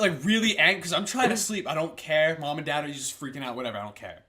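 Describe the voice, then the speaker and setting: Young man, podcast co-host, lively swinging pitch, animated storytelling, swearing. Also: racing, hardly any pauses. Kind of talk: casual chat.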